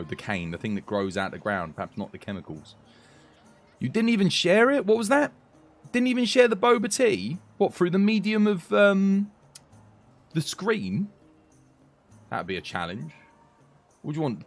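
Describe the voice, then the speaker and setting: A young British man rambling casually to his livestream viewers, swearing lightly as he chats. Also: lowish voice. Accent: British English. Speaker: game streamer chatting with viewers.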